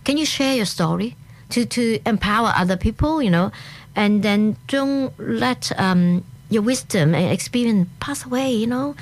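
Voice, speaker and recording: A woman with a Hong Kong accent, a guest in a casual interview, talking in short animated bursts with frequent restarts. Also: on the high side, moderate pace.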